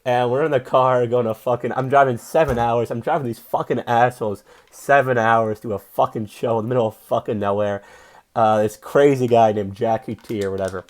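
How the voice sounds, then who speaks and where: A man's voice: mid-range voice, fairly even intonation, brisk. Profane fired-up young comedian man. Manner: profane, rambling, gets loud and fired up when preaching. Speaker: comedian and podcast host. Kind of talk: casual storytelling monologue.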